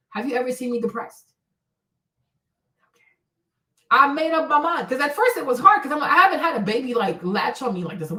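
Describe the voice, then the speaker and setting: A woman in her forties rants on her live stream, casual yet blunt and preachy, repeatedly asking "right?". Her high voice is bright and forceful with lively intonation at a moderate pace. The recording has room echo, and she sits a bit back from the mic.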